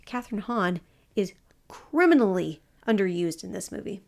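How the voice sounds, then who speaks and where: A woman co-hosting a podcast, sarcastic and quick to argue. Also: medium pitch, lively intonation, gravelly, a little mellow. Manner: sarcastic, argumentative. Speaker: podcast co-host. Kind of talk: casual chat.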